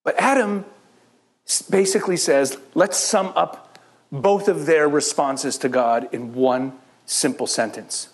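A middle-aged man from Israel, a rabbi giving a sermon-style Bible teaching to a church audience, telling the story with lively asides and acting out the characters' lines. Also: a little high, a little slow. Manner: animated storytelling, acts out the biblical characters in quoted voices.

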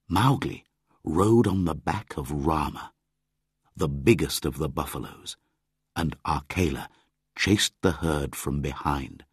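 A man reading a storybook aloud as the narrator, in a measured, deliberate way. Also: a bass voice, breathy edge, no room sound, studio quality.

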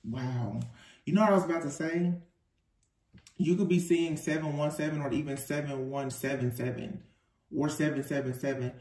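A man giving a casual tarot reading to his viewers, animated and informal, laughing often. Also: fairly high pitch, normal speed, far from the mic. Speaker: tarot reader. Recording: echoey room, off-mic, faint noise.

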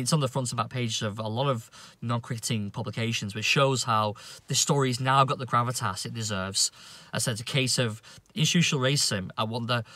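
A man's voice: medium pitch, bright, forceful tone, no room sound. A man ranting indignantly to camera as a cricket vlogger, swearing often and stumbling over restarts. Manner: indignant, profane, halting with many restarts. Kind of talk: opinion rant to camera.

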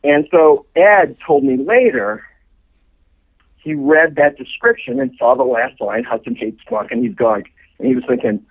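A middle-aged man, a show's co-creator, telling anecdotes as a guest in a podcast interview, animated and full of fillers. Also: a little high, measured pace, gravelly. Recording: tinny phone-like line.

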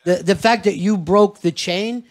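Host: man, fairly high voice, blunt and earnest, swears casually. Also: a little slow. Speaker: radio host. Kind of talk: interview conversation. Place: comedy club.

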